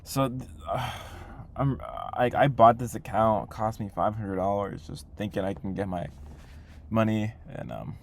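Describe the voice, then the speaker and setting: A man's voice: lowish voice, normal speed, creaky, a little hiss or hum. A young man, a day trader, recording a frustrated video diary and scolding himself in the second person, swearing heavily. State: hungry. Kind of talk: self-talk video diary.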